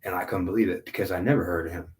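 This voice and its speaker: Man, 50s, low voice, spiritual reader, intense and repetitive with halting restarts. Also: fairly even intonation, a little mellow. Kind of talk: spiritual monologue.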